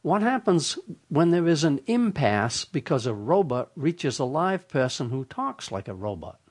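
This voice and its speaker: Older man telling a slow radio yarn. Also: a little high, big pitch swings. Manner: deliberate, slow storytelling. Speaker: radio host. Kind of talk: humorous radio monologue.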